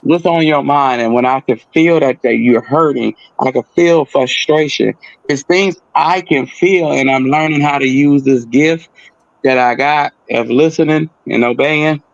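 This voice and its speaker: A man telling a personal story in casual talk, animated, acting out the voices of the people in it. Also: medium pitch, unhurried, vocal fry, dry recording, muffled recording.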